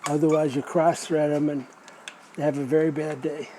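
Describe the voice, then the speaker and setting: A man's voice: on the high side, flat delivery, moderate pace, warm tone, slight background noise, rough recording. An older man demonstrating motorcycle repair step by step, patiently instructing a learner. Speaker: mechanic teaching motorcycle repair. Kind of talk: hands-on demonstration.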